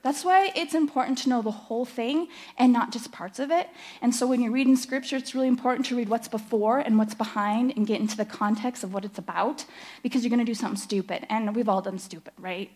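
A woman's voice: on the high side, quick pace, darkish tone. A middle-aged woman giving a candid, story-driven church teaching, self-deprecating and chatty. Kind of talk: personal sermon-style teaching.

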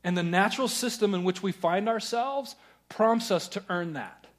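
A man preaching a sermon, earnest, moving between loud urging and hushed, searching questions. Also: high voice, moderate pace. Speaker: pastor.

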